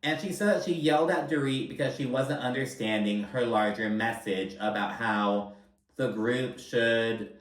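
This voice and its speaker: A man's voice: medium pitch, a little slow, far from the mic. A young man giving a casual, chatty reality-TV recap with lots of filler words and swearing. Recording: roomy sound, voice a bit off-mic.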